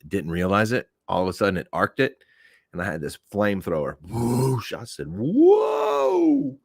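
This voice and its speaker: A man from Oklahoma hosting a show, telling his own stories in a loose, profane way and jumping up in pitch when he acts out what people said. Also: normal speed, husky, no echo, studio quality. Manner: animated, profane, acts out quoted voices with big pitch jumps. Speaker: podcast host. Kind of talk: casual storytelling to a live audience.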